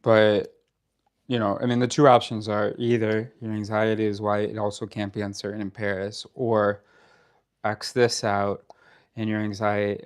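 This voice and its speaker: A man's voice: on the low side, smooth. A man arguing with his partner in a casual conversation, pressing his points in a sarcastic, challenging way. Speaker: partner in a debate. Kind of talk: casual argument between partners.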